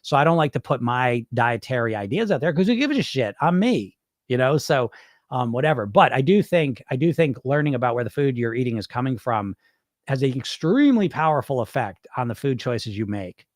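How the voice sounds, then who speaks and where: A man's voice: medium pitch, big pitch swings, a little fast, dry recording, studio quality. A man hosting a weight loss podcast, answering viewer questions in loose, rambling chat with casual swearing. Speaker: weight loss hypnosis coach, podcast host.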